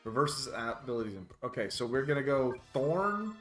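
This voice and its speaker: A man's voice: medium pitch, very animated, moderate pace, fairly bright tone, faint music behind. A young man casually commenting on a game he streams, wry and joking. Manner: wry, joking, laughs often.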